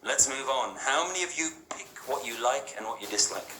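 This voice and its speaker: A man's voice: medium pitch, animated, fairly quick, background noise. A man giving an interactive talk to a live audience, talking casually and asking them questions, often checking in with "yeah?". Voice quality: conversational, rhetorical, frequent "yeah?" and "right?" check-ins. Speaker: spiritual speaker addressing an audience. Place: hall with an audience. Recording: echoey hall with faint ambience.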